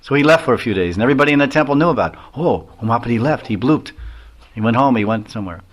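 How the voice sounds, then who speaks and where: A man's voice: medium pitch, animated, very fast. A man giving a devotional lecture as a swami. He tells stories in a rambling way, with many chuckles and acted-out quotes.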